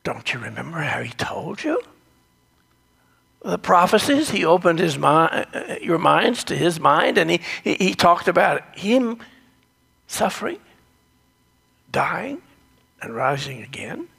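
A man, telling the story, speaks as an urgent male angel at an empty tomb with a gravelly, husky voice. Each question climbs and falls across a wide, lively range. The voice stays low-key and unhurried. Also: exaggerated voice.

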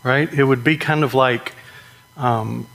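A man preaching a sermon in a conversational way, often asking "right?" and slowing down to stress key points. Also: medium pitch, steady tone, creaky, a bit bright. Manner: conversational, with frequent rhetorical "right?".

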